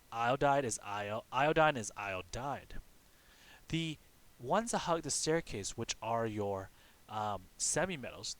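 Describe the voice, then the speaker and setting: A man's voice: mid-range voice, a bit bright. A man teaching a recorded lesson, explaining step by step and asking and answering his own questions, often checking in with "okay". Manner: frequent "okay" check-ins.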